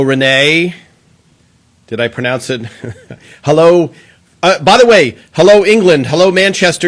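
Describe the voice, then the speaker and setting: A man's voice: a little high, fairly bright tone. A man hosting a casual live Q&A stream, greeting viewers one by one and chatting with plenty of filler words.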